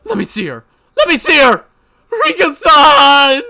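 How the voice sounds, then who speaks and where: A man's voice: very high-pitched, huge pitch swings, normal speed, pitched above the performer's own voice, full character voice. A man voicing a grief-stricken teenage girl in a murderous rage, screaming threats through sobs. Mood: frantic screaming. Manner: shrieking, sobbing, screamed threats. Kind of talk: visual novel voice acting.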